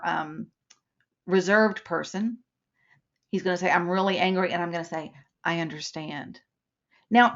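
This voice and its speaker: A woman instructor talks through a live webinar lesson in a lowish, gravelly voice. She explains by acting out short examples. The sound is dull and lo-fi.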